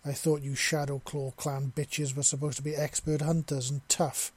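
A man's voice: a little high, flat delivery, normal speed, breathy edge. A man voicing a brutish, scarred alien male who taunts with a leer in a storybook reading. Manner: leering, taunting.

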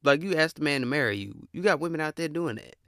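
Ranting man with a bright, dry voice. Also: on the high side, fast talker, no room sound. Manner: animated, blunt, slangy, laughs often. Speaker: podcast host. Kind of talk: casual ranting monologue.

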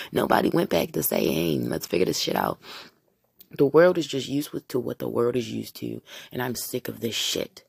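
A woman's voice: very deep voice, vocal fry, breathy edge, no echo. A woman hosting a solo podcast, rambling profanely with constant rhetorical questions. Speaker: podcast host.

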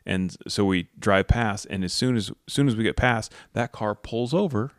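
A deep-voiced man tells a long anecdote on a podcast, loose and rambling, and acts out the quoted lines as he goes. His delivery is blunt and casual, with some profanity. The sound is close and dry. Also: moderate pace, dry recording. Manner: rambling storyteller who acts out quoted dialogue. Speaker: podcast host. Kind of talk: casual storytelling chat.

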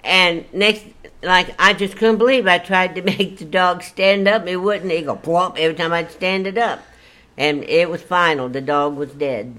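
An older woman spinning a story from her own life in a relaxed, chatty way. She talks in a folksy manner, breaking into exclamations as the story builds. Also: fairly low pitch, moderate pace. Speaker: storyteller guest. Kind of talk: casual storytelling.

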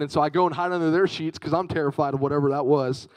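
A young man preaching to a youth group with a fairly high voice, swapping between storytelling and shout-outs to the crowd. His delivery is chatty and lively, and the sound is close and dry with little room echo. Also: a little fast. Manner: lively, chatty, calls out to the audience. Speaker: youth speaker. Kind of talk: youth sermon with personal storytelling.

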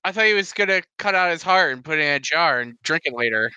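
A man's voice: a little high, lively intonation, fast talker, sharp tone, clear, resonant tone, dry recording, muffled recording. A man co-hosting a casual movie-watching podcast, jokey and sarcastic. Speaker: podcast co-host.

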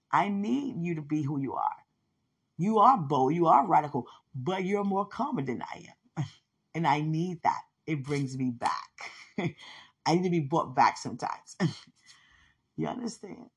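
A woman with a husky, slightly low voice hosts a spiritual podcast, speaking fervently to her listener. She laughs often and bursts into exclamations as she testifies. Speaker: podcast host.

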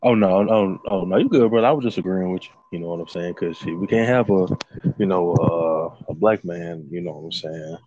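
A man's voice: sits low, a little fast, mellow, lo-fi sound, a little hiss or hum. A man with a Southern US accent, co-hosting a casual barbershop chat and chiming in to agree, with plenty of fillers. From Southern United States. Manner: laid-back agreeing, filler-heavy asides. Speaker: co-host.

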